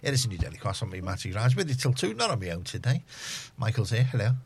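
A man's voice: lowish voice, sing-song, quick pace, breathy edge, dry recording. A man hosting a casual community radio show in a studio, chatty and self-deprecating.

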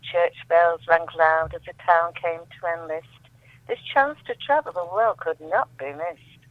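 A woman recites her own poems in a steady, measured way, letting her line endings fall softly. She comes through a thin, tinny telephone line. There is no room sound around her at all. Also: lowish voice, no echo. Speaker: guest poet.

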